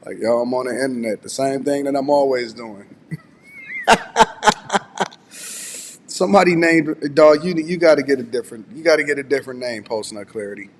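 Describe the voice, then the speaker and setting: A man hosting a casual live stream from home, relaxed and a bit groggy with a slightly raspy voice, chatting and reading viewer messages aloud. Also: mid-range voice, moderate pace, pauses often, in a large hall, slight background noise. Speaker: host.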